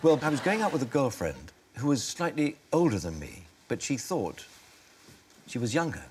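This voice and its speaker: A man's voice: medium pitch, big pitch swings, normal speed, a little mellow, slight background noise. A man in his sixties, an actor, talking candidly in an interview, reflective and self-deprecating, often laughing at himself. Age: 60s.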